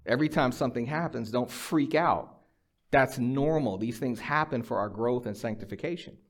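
A man's voice: medium pitch, moderate pace. A middle-aged man preaching a sermon, mixing personal storytelling, dry humor and emphatic, conversational exhortation. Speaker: pastor.

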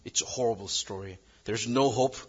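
A male pastor preaching a sermon in English that is not his first language, swinging between loud emphasis and a quiet hush. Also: on the low side, normal speed, husky, highs cut off. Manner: non-native English phrasing.

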